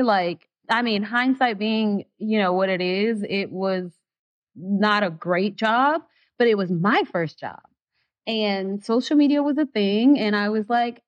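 A woman speaking as a guest in a candid interview, expressive and heartfelt, her voice rising when she gets excited. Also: mid-range voice, unhurried. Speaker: actress guest.

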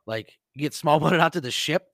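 A man co-hosting a podcast, telling profane, animated stories and shouting out quoted lines. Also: fairly high pitch, a little fast, gravelly, dry recording, clean studio sound. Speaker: podcast co-host. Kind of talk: casual storytelling chat.

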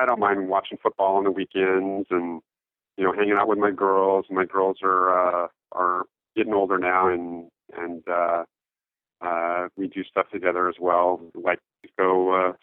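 A man answering interview questions in casual talk, halting, with many fillers and restarts, heard over a phone line. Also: low-pitched, level tone, no echo. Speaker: interview guest, note investor.

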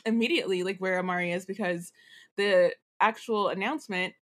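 A woman co-hosting a book podcast, giving animated, exasperated commentary in casual chat. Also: medium pitch, a little fast. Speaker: podcast co-host.

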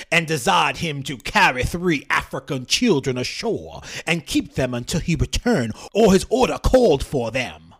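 Old southern gentleman, put on by a male podcast host, slow drawling reading, gravelly. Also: fairly high pitch, heavily acted.

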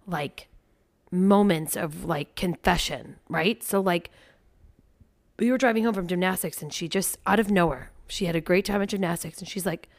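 A woman co-hosting a casual podcast chat, an animated mother who tells stories and swears freely. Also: fairly low pitch, normal speed.

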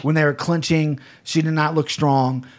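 Slightly high and with little pitch movement, a man's voice moves at a moderate pace as he hosts a podcast. He chats casually in a rambling, profane manner.

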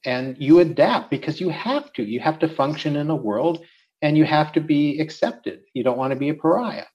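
A man, a philosopher guest, explaining ideas in a measured, thoughtful way. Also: on the high side, expressive, darkish tone, muffled recording. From United States. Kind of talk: reflective interview talk.

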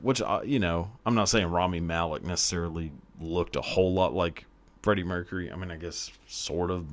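A man hosting his own podcast, chatting casually on his own in a rambling, profane, self-deprecating way. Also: deep voice. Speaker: podcast host. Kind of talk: casual solo podcast chat.

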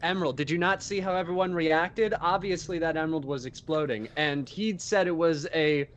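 A man's voice: fairly high pitch, normal speed, a little hiss or hum, natural voice. A man voicing an awkward young frog man in a tabletop game, stammering and overly polite. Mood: flustered.

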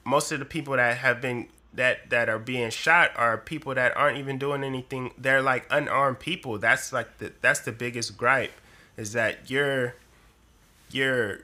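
Bright-voiced man in hesitant podcast chat. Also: medium pitch, fairly even intonation, normal speed. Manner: hesitant, lots of filler words.

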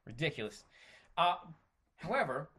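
Man from the US on a solo podcast, lively swinging pitch, profane animated rant, stumbles and restarts. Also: moderate pace, breathy edge. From United States. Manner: animated, profane ranting with frequent swearing; trails off into self-corrections and restarts. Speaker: podcast host.

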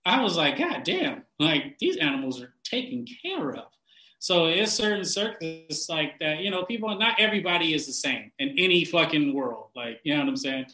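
A man ranting casually and bluntly, swearing constantly, laughing often and getting animated when he mocks people. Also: fairly high pitch, moderate pace, echoey room, poor audio. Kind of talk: casual profane rant.

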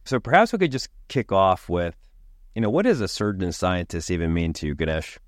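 A man's voice: low voice, animated, brisk, no room sound, clean studio sound. A man hosting a medical podcast, introducing the show and his guest in an upbeat, welcoming way. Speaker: podcast host. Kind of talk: podcast host introduction and interview.

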